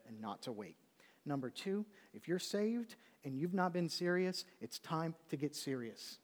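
A male pastor delivering a sermon in a slightly higher-than-average voice. He drops to a hushed, intense tone to drive points home, then bursts into loud pleading when acting out the words of others.

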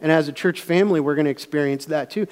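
Middle-aged man, pastor, conversational sermon, somewhat high voice, long reverb of a church hall. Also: fast talker, a little mellow. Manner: conversational, anecdotal preaching with many restarts. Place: church sanctuary.

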